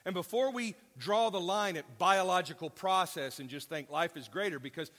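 A man's voice: sits high, moderate pace, fairly bright tone. A man preaching a sermon in a conversational way, asking the congregation questions and adding offhand asides. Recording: long reverb of a large hall.

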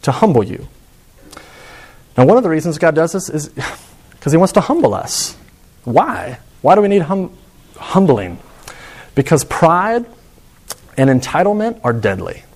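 A man's voice: on the high side, big pitch swings, normal speed, creaky, pauses often, darkish tone. A young man preaching a sermon in an earnest way, asking rhetorical questions and often restarting his sentences. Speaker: pastor.

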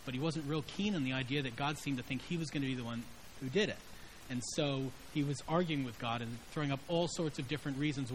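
A middle-aged pastor delivers a conversational sermon, voicing the quoted speakers with inflection. His voice is medium in pitch, and the recording is rough with slight background noise.

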